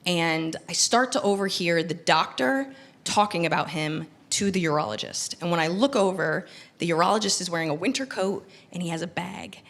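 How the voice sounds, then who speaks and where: Gravelly-voiced woman doing stand-up. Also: normal speed. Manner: animated, acting out quotes with big pitch jumps. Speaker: stand-up comedian. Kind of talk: stand-up storytelling. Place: comedy club stage.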